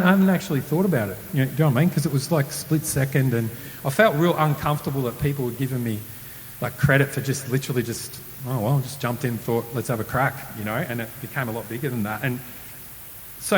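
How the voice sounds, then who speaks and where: Man telling a lively story. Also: medium pitch. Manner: animated, acts out quoted voices. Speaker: testimony speaker. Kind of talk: casual storytelling testimony. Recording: roomy hall with faint hiss.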